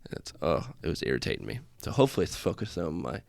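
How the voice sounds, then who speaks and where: A man's voice: low-pitched, very animated, quick pace, creaky, darkish tone, no room sound. A man hosting a casual solo podcast, talking in a rambling, self-deprecating way with frequent tangents, from a small room. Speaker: podcast host, airman. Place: small room with festive lights. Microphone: desk setup in front of laptop.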